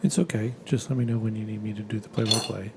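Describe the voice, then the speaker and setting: A man's voice: fairly low pitch, steady tone, fast talker, very noisy. A man assisting a live painting tutorial, making dry, joking play-by-play asides. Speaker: co-host and helper.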